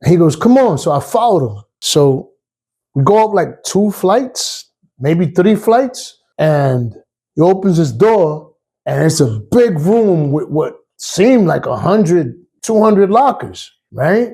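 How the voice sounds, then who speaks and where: Streetwise New ex-cop in his fifties spinning a yarn; husky, dark-toned voice. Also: a little high, big pitch swings, takes it slowly. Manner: streetwise, casual, acts out voices. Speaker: retired police officer. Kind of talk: personal storytelling.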